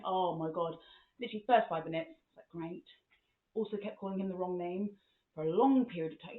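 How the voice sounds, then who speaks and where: A woman's voice: on the low side, normal speed. A woman hosting a podcast, telling comic stories in a frank, sweary way. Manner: frank and sweary, with animated retelling. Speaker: podcast host. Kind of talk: comic storytelling monologue. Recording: echoey, tinny phone-like sound.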